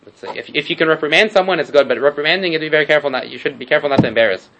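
A man with a fairly high voice races through his words amid heavy background noise. He's a Torah teacher in a casual class, storytelling with rhetorical asides and Hebrew terms, repeatedly restarting his phrases.

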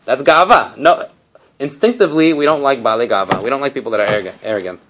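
Heard against background noise, a Torah teacher with a mid-range voice moves at a quick pace through a casual class. He repeats and restarts phrases while telling stories, tossing in rhetorical asides and Hebrew terms.

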